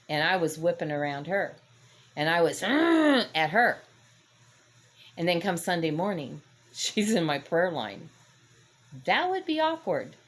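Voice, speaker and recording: An older woman hosting a casual faith-based talk, telling a story in a rambling, self-correcting way. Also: sits low. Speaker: host.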